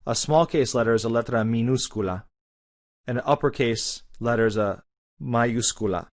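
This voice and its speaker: A man's voice: mid-range voice, moderate pace. Man casually explaining a language lesson. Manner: relaxed, conversational explaining. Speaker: Spanish teacher.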